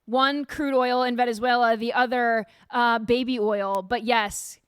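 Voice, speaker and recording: A woman hosting a casual news commentary show, animated and sarcastic, firing off rhetorical questions. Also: fairly high pitch, unhurried, smooth, no room sound, clean studio sound. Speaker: show host.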